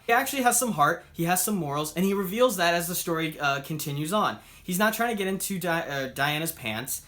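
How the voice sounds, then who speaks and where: A man's voice: a little high, fairly bright tone. A man reviewing a comic book in a chatty, upbeat way, acting out the characters' lines as he retells the story. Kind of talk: casual spoken review.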